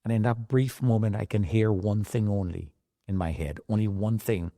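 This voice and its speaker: A man's voice: lowish voice, fairly even intonation, normal speed, warm tone, no echo, clean studio sound. A middle-aged man telling his own survival story in an emotional, dramatic way, rising into pleading outbursts. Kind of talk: personal testimony.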